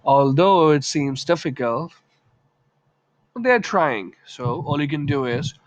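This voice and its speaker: A man's voice: a little high, lively intonation, slow, no room sound. A man teaching English in a casual video lesson, chatting through examples and acting out short lines.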